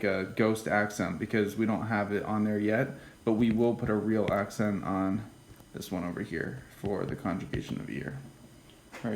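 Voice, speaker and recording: A man giving a casual classroom lecture, often checking in with "okay?" and "right?" and dropping into quiet whispered asides. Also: on the low side, a little hiss or hum, low-quality recording. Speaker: teacher.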